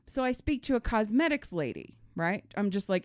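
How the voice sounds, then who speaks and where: Animated woman telling a story. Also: on the high side, moderate pace, hardly any pauses, clear, resonant tone, no echo, clean studio sound. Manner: animated storytelling, swears freely. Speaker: podcast co-host. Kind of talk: casual chat.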